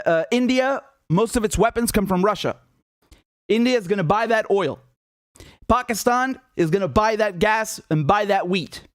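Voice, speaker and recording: A young man hosting a live political commentary stream, animated and scornful, laughing often and restarting his sentences. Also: high-pitched, no room sound, studio quality.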